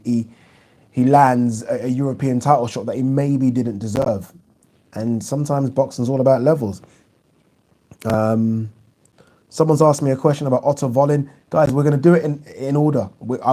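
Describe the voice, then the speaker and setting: A man hosts a live fight review on his boxing channel, reading out viewer questions. He talks bluntly and casually, often restarting his sentences. His voice is mellow and dark, at an ordinary pitch for a man. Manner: blunt opinionated talk with frequent restarts.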